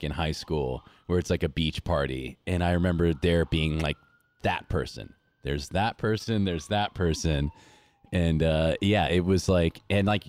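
A young man, a musician and surfer, chatting casually as a podcast guest, rambling with lots of fillers. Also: sits low. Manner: rambling, filler-heavy, acts out quotes. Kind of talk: casual chat.

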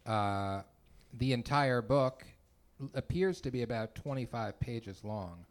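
A man chatting casually as a host, relaxed and thoughtful. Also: medium pitch, unhurried. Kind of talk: casual chat.

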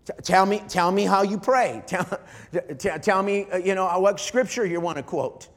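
A middle-aged man, a pastor, preaching an emotional sermon, often halting and repeating his starts. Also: high voice, fairly even intonation, long reverb tail. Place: large church hall.

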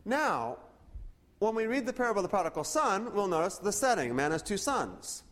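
A man's voice: high-pitched, sing-song, a little fast, fairly bright tone. A man preaching a sermon, reading scripture aloud and often restarting his words. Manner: earnest preaching, frequent stammered restarts, reads scripture aloud. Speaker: pastor.

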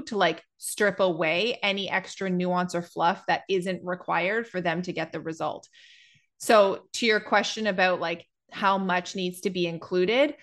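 A woman speaking as a business coach in a casual podcast conversation, explaining in a measured, thoughtful way with pauses. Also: medium pitch, fairly bright tone.

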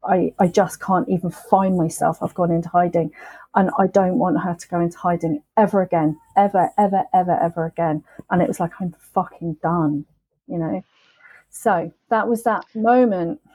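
A woman on a podcast, telling her sobriety story in a candid, emotional, halting way. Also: on the low side, steady tone, warm tone, husky, dry recording, rough recording. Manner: emotional, halting, with frequent restarts and swearing.

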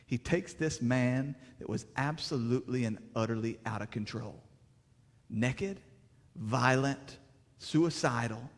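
A man preaching a sermon with emphatic delivery and rhetorical questions, swinging between loud declarations and hushed passages. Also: medium pitch, in a large hall. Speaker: pastor.

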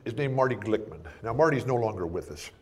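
Animated storytelling man. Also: medium pitch, fast talker. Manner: animated anecdotes, laughs often, acts out quotes. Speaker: broadcaster. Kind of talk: storytelling in conversation.

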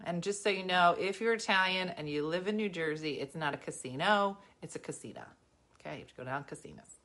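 A woman comedian telling a funny story on a talk show, animated and laughing often. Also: lowish voice, fast. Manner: animated, laughs often, sound-effect riffs.

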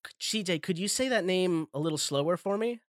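A man's voice: high-pitched, animated, fairly quick, dry recording, studio quality. A man hosting a podcast, retelling a story in a playful, giggly way. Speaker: podcast host. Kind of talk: casual chat.

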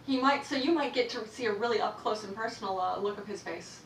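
A woman's voice: medium pitch, quick pace, slight background noise. A woman chatting casually at home, laughing often and teasing playfully. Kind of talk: casual chat. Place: apartment room. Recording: echoey room, mic far off.

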